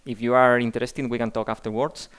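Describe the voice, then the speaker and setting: Male tech speaker, clear resonant voice, hesitant delivery. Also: medium pitch, flat delivery, a bit bright. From Spain. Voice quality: halting, repeats words. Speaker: conference speaker. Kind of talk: tech conference talk.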